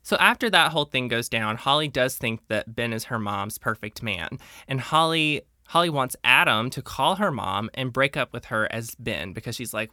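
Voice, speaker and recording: A podcast co-host chats about a film, easy-going and quick to agree while walking through the scenes. The voice is bright and forward, sits in a mid pitch, and was recorded close and dry with no room sound. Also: no room sound. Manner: relaxed, agreeing, retells scenes. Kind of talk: casual movie-recap chat.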